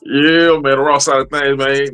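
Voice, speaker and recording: A man's voice: mid-range voice, flat delivery, normal speed, a bit bright, clear, resonant tone, soft background music. A man hosting a podcast, talking in loose, profane, streetwise banter. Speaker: podcast host. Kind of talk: casual podcast chat.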